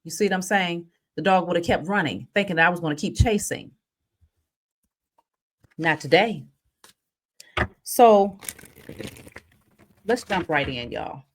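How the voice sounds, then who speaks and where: A woman's voice: lowish voice, measured pace, long pauses. Chatty woman giving a spiritual reading. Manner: animated storytelling, chatty. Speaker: spiritual reader. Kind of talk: casual spiritual vlog talk.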